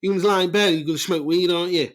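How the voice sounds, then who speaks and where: A man's voice: high-pitched, steady tone, racing, fairly bright tone, pitched above the performer's own voice. An English man mimicking his older mother nagging him, exasperated and scolding.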